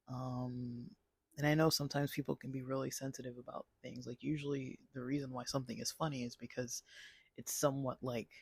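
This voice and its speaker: A man's voice: medium pitch, gravelly, slightly rough, no echo. A man casually reviewing a movie, rambling with many fillers and restarts. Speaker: channel host.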